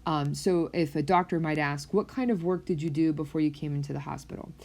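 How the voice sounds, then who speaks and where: Casual lecturing woman with a lowish voice. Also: brisk, creaky, a little mellow. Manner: conversational, with many fillers and restarts. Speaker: psychology lecturer. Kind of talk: recorded university lecture.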